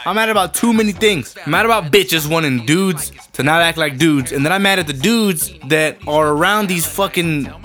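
A man's voice: a little high, moderate pace, hardly any pauses, bright, forceful tone, faint music behind. A man ranting casually and heatedly, swearing constantly, rambling and restarting his thoughts. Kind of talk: profane casual rant.

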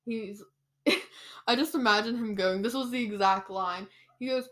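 A woman's voice: on the high side, a little slow, a bit bright. A young woman co-hosting a casual podcast, retelling a book's scenes with a giggle and acting out the characters' lines. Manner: giggly, says "like" a lot. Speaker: podcast co-host. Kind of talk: casual book chat.

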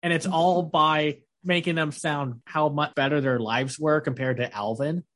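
Male host, casual anime review, lively delivery, frequent laughter. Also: fairly high pitch, unhurried. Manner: animated, acts out scenes in goofy voices, laughs often. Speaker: podcast host.

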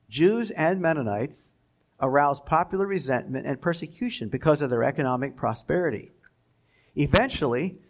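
A man giving a history lecture to high school students. He speaks deliberately, stops for asides and reads out quotations. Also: vocal fry. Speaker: guest lecturer.

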